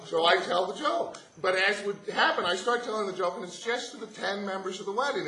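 A man with a high, bright voice tells a comic story, dry and chatty, stacking detail after detail. The sound is roomy, with an echo that hangs in the hall. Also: brisk, hardly any pauses. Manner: chatty, builds up the joke with deadpan detail.

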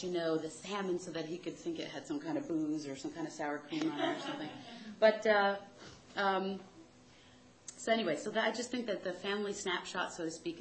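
A woman's voice: fairly low pitch, reverberant, poor audio. A woman telling a rambling, self-deprecating comic story about her family in a chatty way.

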